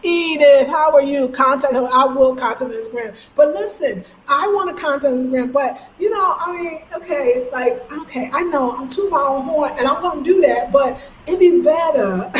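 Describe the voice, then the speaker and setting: A young woman with a New York accent chats loosely on a livestream. She reads viewers' comments, jokes, and laughs often in a slightly high voice. The room has an echoey ring with a faint hiss of noise under it. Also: normal speed. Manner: chatty, animated, laughs often, slangy. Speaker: livestream host. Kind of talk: casual live chat reading comments. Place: home.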